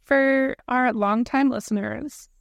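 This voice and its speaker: Young woman co-host, playful and teasing, casual chat; voice slightly high, dry close mic. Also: steady tone, slow, vocal fry, no echo. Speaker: podcast co-host.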